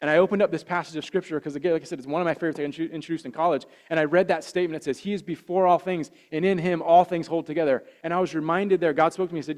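A man, a pastor preaching a sermon with earnest repetition that swells louder on key phrases. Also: fairly high pitch, steady tone, racing. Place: church.

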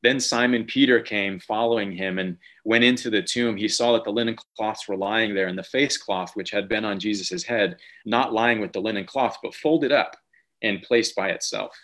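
Speaking at normal speed in a lowish, slightly bright voice, a man in his thirties delivers an Easter sermon by video call. The pastor first tells a family story in a chatty way, then reads from Scripture.

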